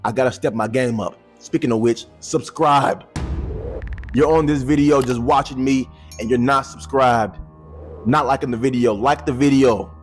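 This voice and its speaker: A man's voice: medium pitch, normal speed, faint music behind. A man giving casual YouTube commentary, slangy and joking, with boastful asides to the camera.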